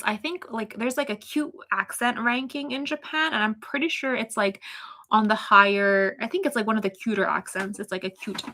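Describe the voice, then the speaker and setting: A bright-toned young woman with a Toronto accent chats away on a live stream. Her voice sits a little high, and she rambles loosely with plenty of fillers and giggles as she reads out her chat. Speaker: livestreamer reading chat.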